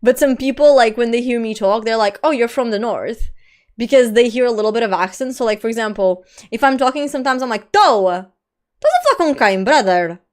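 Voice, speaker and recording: A woman's voice: a little high, fast, a little mellow. Chatty young woman, Portuguese accent. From Portugal, Lisbon. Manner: chatty, laughs often, swears casually. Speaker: streamer. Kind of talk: casual live-stream chat.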